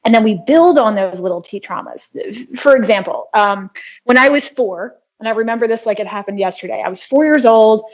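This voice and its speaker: A woman guest in an interview, explaining her work earnestly and telling a personal story in a steady way. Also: fairly high pitch, fairly quick. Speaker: guest, trauma healing practitioner. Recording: dull lo-fi sound.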